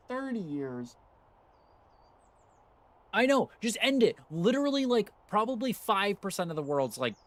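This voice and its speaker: A man from the United States rants profanely while playing on a live stream, growing steadily more heated in the casual chatter. His voice is mid-range and a bit bright.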